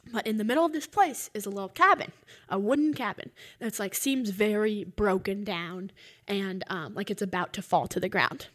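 A woman's voice: mid-range voice, normal speed, fairly bright tone. A young woman casually telling a long dream story, rambling and full of filler words.

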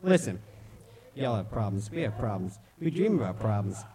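A man hosting a late-night comedy radio show with loud, brash, repetitive banter. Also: fairly low pitch, sing-song, moderate pace, a crowd in the background.

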